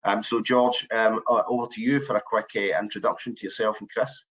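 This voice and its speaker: A man with a fairly low voice presents a business webinar, pausing on frequent ums and restarting his phrases. His audio sounds muffled, like a lo-fi online call. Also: fairly even intonation, a bit bright. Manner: hesitant, many ums and restarts. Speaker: webinar host.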